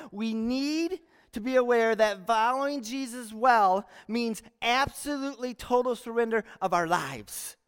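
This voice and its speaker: A pastor with a high, clear and slightly bright voice delivers a sermon in a church sanctuary. He tells stories and acts out voices in his jokes, and the recording echoes with the reverberant space.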